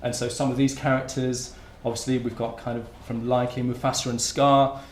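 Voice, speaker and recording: A man's voice: medium pitch, level tone, normal speed, a little hiss or hum. A man giving a conference talk in a lecture room, in an informal, conversational way. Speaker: academic speaker. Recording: roomy lecture hall with faint ambience.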